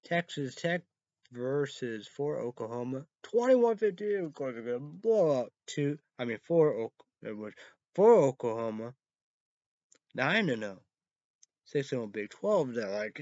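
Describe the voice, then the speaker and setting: A man hosting a casual sports recap, rambling through scores with halting repeats and fillers, now and then bursting out excitedly. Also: mid-range voice, no echo, highs cut off. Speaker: show host.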